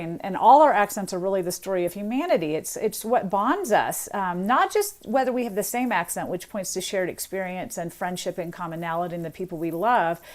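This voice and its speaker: A woman speaking as a linguistics professor on a radio interview, her voice at an ordinary middle pitch. She explains in an earnest, thoughtful way, often restarting a phrase as she goes.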